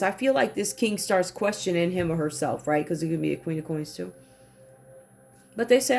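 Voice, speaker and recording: Slangy animated woman reading tarot. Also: fairly low pitch, moderate pace, gravelly, faint music behind. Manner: animated, slangy, acts out quoted voices. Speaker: tarot reader. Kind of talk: casual tarot reading monologue.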